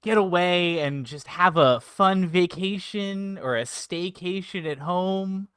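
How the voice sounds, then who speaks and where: A man co-hosting a casual group podcast, joking around in a mock infomercial pitch. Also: slow, fairly bright tone, smooth, no echo, studio quality. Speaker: podcast co-host.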